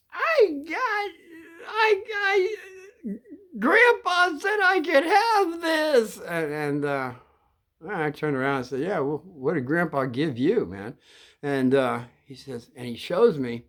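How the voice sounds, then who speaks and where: A man in his sixties telling a childhood story casually, in a halting, rambling way with many restarts and throat-clearing. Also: mid-range voice.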